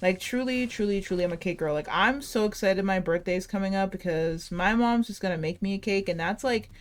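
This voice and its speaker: A gaming channel host in her late twenties chats casually over gameplay, rambling, giggling and saying "like" a lot. She has a mid-range voice and talks fairly quickly.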